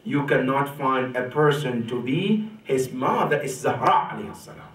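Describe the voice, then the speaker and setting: A man preaching a sermon to a congregation, rising sharply on his main points, dropping low for quotations and often asking "right?". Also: lively intonation, moderate pace, fairly bright tone, a little hiss or hum. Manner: repeats rhetorical "right?" to the congregation. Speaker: sheikh giving a religious lecture. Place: mosque or community center hall. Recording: echoey hall, mic from a distance.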